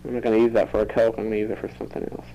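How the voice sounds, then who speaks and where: A man's voice: lowish voice, flat delivery, very fast, warm tone, a little hiss or hum, poor audio. A teenage boy rambling into a home cassette recorder for his audio diary, chatty and prone to giggling. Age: teens. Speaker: student keeping a tape diary.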